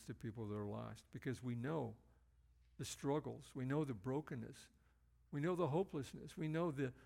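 A male preacher giving an earnest, emphatic sermon, slowing down to stress key phrases. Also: a little high, creaky, darkish tone.

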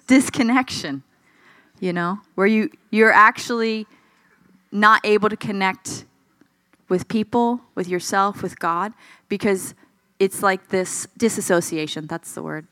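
Preaching with an expressive, conversational manner, this woman questions her congregation and performs the voices of the people she quotes. There's a little tiredness to her, and her mid-range voice moves at a measured pace, with no room sound.

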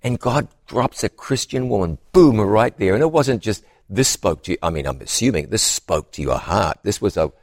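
A man with a very low voice hosts the conversation and sums up his guest's story. He speaks with animated emphasis and homespun pictures. The sound is dry and close. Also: normal speed, hardly any pauses, no echo. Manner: animated, reflective commentary with vivid images. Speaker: interview host. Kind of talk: conversational interview.

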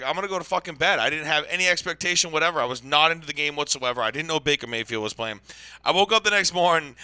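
A man's voice: on the high side, sharp tone, clean tone, no room sound. A man co-hosting a casual podcast, telling a story in a profane, laid-back way. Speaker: podcast co-host. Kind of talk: casual chat.

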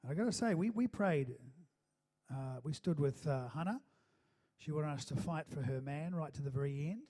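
A man's voice: on the high side, expressive, normal speed, warm tone. A male pastor preaching a sermon and praying with his congregation in a conversational style, with frequent calls of "amen?" and casual fillers and restarts. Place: church hall with congregation.

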